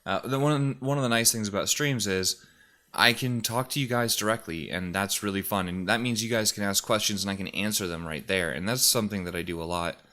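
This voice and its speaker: A man's voice: on the low side, brisk, bright, forceful tone. A man talking casually into his mic in a room at home, rambling with lots of fillers and restarts, a little out of breath and sniffly. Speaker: YouTuber and streamer. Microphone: desk mic.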